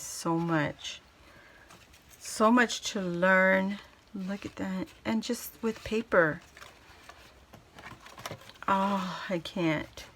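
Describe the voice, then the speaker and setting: A woman unboxing a craft gift for her viewers in casual chat, gushing and exclaiming with delight, then slowing down to take it all in. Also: fairly low pitch, fairly bright tone, a little hiss or hum. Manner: slow and drawn out between exclamations.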